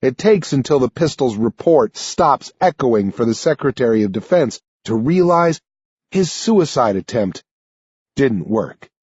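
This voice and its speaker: Slow, husky male audiobook narrator. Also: mid-range voice, no room sound. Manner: measured, expressive first-person reading. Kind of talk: scripted narration. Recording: dull lo-fi dry studio recording.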